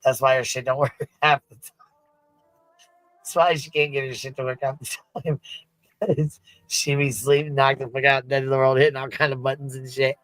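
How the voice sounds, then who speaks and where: A man's voice: mid-range voice, little pitch movement, moderate pace, a bit bright, no room sound, poor audio. A man streaming live, talking casually, swearing constantly and laughing through his words.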